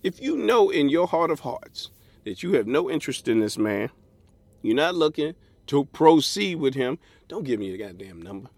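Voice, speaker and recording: A man delivers a solo comedic advice rant as a podcast host, blunt and full of swearing. His voice sits at an ordinary middle pitch. The recording is dry, with no room echo. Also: sing-song, normal speed, darkish tone. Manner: blunt and profane, swings into mocking put-on voices.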